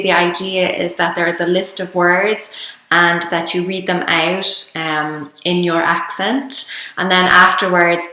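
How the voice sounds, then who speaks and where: Slow-spoken Irish woman, bright voice. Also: on the low side, reverberant. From Ireland. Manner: chatty, laughs often between words. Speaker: vlogger. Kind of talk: casual vlog, reading a word list.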